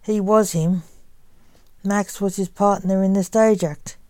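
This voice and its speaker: A woman narrating a story in a measured, plain way. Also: medium pitch, fairly even intonation, dark tone, dry recording.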